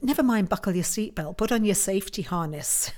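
A woman with a croaky voice after a flu, hosting a tarot and astrology live stream in a chatty, self-mocking way, often laughing at herself. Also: mid-range voice, lively intonation, a little fast, a little mellow. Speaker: host of a tarot and astrology show. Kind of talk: casual live-stream chat.

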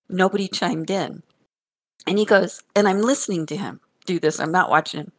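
An older woman chatting casually and telling funny stories about her grandchildren, animated and often laughing and repeating words. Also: lowish voice, moderate pace. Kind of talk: casual chat.

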